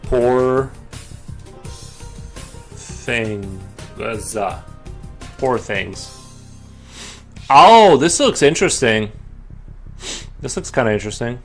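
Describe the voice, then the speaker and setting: A man's voice: mid-range voice, expressive, drawn-out words, pauses often, a bit bright, faint music behind. A man chatting casually while drawing on a stream, rambling with lots of fillers and restarts.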